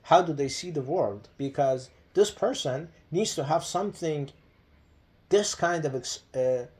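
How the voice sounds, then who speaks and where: A man's voice: a little high, a little slow, darkish tone. A man talking to the camera in a casual, reflective monologue. He hesitates often, with many fillers and restarts. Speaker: vlogger.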